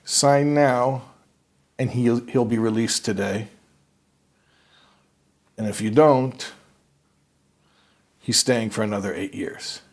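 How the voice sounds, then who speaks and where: A man voicing a stern, menacing prison camp commander in a retold story, with a husky voice. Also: mid-range voice, fairly even intonation, takes it slowly, long pauses. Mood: threatening.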